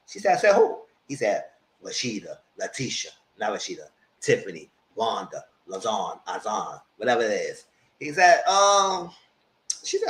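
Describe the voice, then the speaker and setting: Guy doing a live show recap, super lively pitch, roomy echoey sound. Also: normal speed. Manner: animated, jumps into loud high-pitched character quotes. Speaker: TV review host. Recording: roomy echo.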